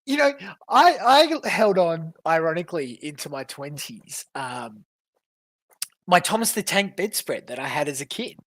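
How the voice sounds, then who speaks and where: Husky woman ranting with lots of swearing. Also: sits low, big pitch swings, unhurried. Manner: irate profane ranting. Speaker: livestreamer. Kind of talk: casual reaction stream.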